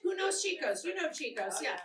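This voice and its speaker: A woman's voice: high voice, big pitch swings, fairly quick. A middle-aged woman from Boston with a Boston accent, doing a brash, bawdy live stand-up routine and working the crowd. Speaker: stand-up comedian. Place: comedy club stage before a live audience. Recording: echoey club recorded from far off, loud crowd noise. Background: audience laughter and applause.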